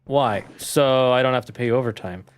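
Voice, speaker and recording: Mid-pitched man bantering on a stream. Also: normal speed, clean tone. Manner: joking banter, mimics people in quoted lines. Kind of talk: casual chat while gaming on stream.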